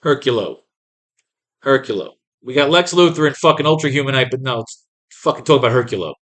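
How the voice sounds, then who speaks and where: A man's voice: medium pitch, lively intonation, fairly quick, a bit bright. A man hosting a writing class, reading comics aloud and ranting at them with crude, exasperated commentary. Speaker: host.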